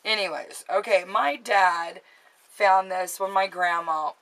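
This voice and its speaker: A woman's voice: medium pitch, fairly even intonation, slow, fairly bright tone, low-quality recording. A woman in her late thirties chatting casually in a show-and-tell vlog, rambling and restarting, sentimental and easily moved. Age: late 30s. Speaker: vlogger.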